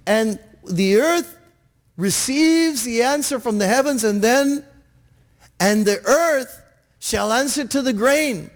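Pastor, male, high voice, slow measured delivery, earnest with restarts. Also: animated. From Texas, USA. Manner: earnest preaching with frequent restarts and calls of "Amen?". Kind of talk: sermon.

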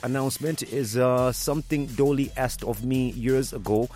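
A man hosts a radio news bulletin, his voice sitting at an ordinary middle pitch. He talks haltingly, stumbling through fillers and restarts, and faint music plays behind him. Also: steady tone, a little mellow. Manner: hesitant, many fillers. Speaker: radio host. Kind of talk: news commentary.

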